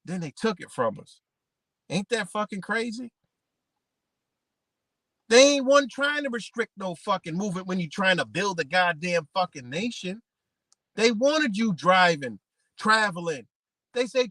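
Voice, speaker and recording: A man with a high voice hosts a livestream in a loose, profane rant. He reads stiff legal passages aloud, then swerves back into heated street talk, sounding close and dry with no room around him. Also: a little slow, pauses often, no echo. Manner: animated and profane, swinging between reading and ranting. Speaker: livestream host. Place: home livestream setup.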